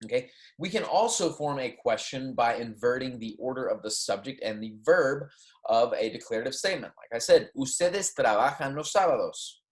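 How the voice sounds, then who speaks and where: A man's voice: medium pitch, expressive, fairly quick. A man teaching a Spanish lesson, explaining patiently and often checking in with his students. He reads the Spanish example sentences aloud with exaggerated intonation. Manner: patient, explanatory, frequent "okay?" and "right?" check-ins. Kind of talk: recorded classroom lecture.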